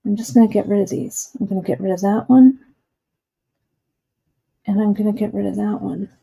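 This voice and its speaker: A woman's voice: mid-range voice, fairly even intonation, moderate pace, vocal fry, dark tone, husky. A woman hosting a live jewelry-making demonstration, chatting encouragingly and thinking aloud as she works.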